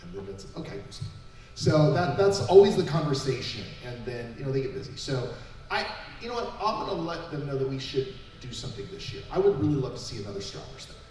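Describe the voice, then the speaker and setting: A man's voice: mid-range voice, sing-song, brisk, a little mellow. Panelist, male, rambling and chatty, picked up far off in a very echoey room with faint noise. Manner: rambling, restarts mid-sentence. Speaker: panelist answering fan questions. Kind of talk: casual convention panel talk.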